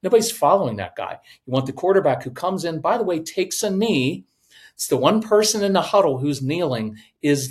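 A man in his fifties giving casual parenting advice on a podcast, animated and acting out quoted voices. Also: a little high, fairly quick. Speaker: podcast guest, parenting coach.

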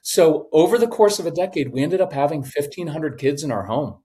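Middle-aged man telling lively stories. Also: a little high, a little fast. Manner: animated, acts out voices in anecdotes. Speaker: podcast guest. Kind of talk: storytelling in a conversation.

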